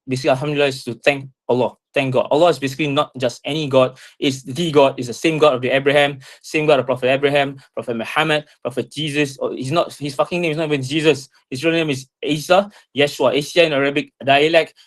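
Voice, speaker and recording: A man's voice: mid-range voice, steady tone. Tearful, swearing man talking passionately. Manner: halting restarts, heavy swearing, impassioned. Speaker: speaker talking with an AI assistant. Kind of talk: emotional personal monologue.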